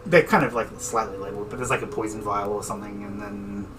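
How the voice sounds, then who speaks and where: A man's voice: lowish voice, fairly even intonation, fast. A man narrating as game master in a tabletop game, chatty and often laughing. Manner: giggly, loose, chatty. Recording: distant mic with faint music.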